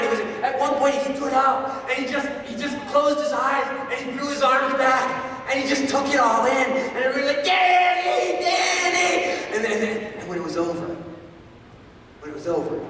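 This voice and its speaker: Recorded from far off in a reverberant hall, a male guest speaker tells a story with lively energy before a live crowd, repeating his words. His voice is very high, with a faint hiss or hum in the recording.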